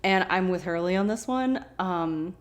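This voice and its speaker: A woman with a somewhat low voice talks through a TV episode scene by scene. She is chatty and opinionated, slips into the characters' lines as she recaps, and laughs easily along the way. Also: unhurried. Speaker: podcast host.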